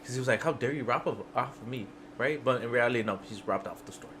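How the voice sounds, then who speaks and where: A man's voice: medium pitch, fast talker, a bit bright, a little hiss or hum. A man on a podcast as a guest, telling a casual, profane work story that keeps breaking into laughter. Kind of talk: casual chat.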